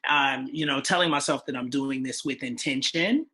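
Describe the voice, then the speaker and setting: A man's voice: medium pitch, moderate pace, sharp tone. A man co-hosting a podcast, chatting casually with loose, profane jokes. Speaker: podcast co-host. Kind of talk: casual chat.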